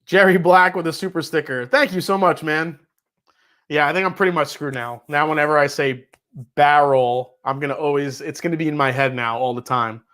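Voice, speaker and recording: Casting: New York man, 30s, livestream host, slightly higher voice, loose and chatty, swears freely. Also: fairly quick, sharp tone. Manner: chatty, reads viewer messages aloud, swears casually. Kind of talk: casual livestream chat.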